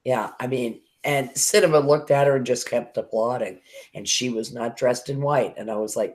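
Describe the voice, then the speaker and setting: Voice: medium pitch, moderate pace. Dry, matter-of-fact co-host. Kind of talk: casual chat on a live stream.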